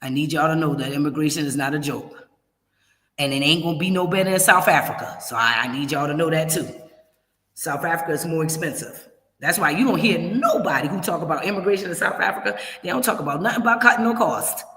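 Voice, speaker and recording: A woman's voice: sits low, quick pace, a bit bright. A woman hosting a livestream of relocation advice, warning viewers in an emphatic, straight-talking way and repeating her points. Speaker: relocation services host. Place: her home in Kenya. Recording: roomy echo.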